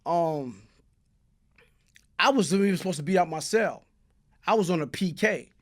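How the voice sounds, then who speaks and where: This is a man from Brooklyn with a New York accent, guesting on an interview show. He tells his story in a high, lively voice, playing out each person he quotes and keeping the listener hooked with "you heard?". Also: moderate pace. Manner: animated street storytelling, acts out voices, frequent "you heard?".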